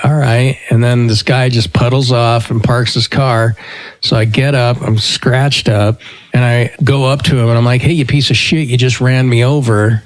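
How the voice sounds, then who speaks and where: A middle-aged man hosting a podcast in casual chat, telling stories animatedly and swearing freely. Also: mid-range voice. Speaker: podcast host.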